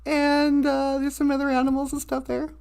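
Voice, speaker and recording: A woman's voice: sits high, monotone, moderate pace, gravelly, darkish tone. A woman telling a story casually on a live stream, often laughing as she goes.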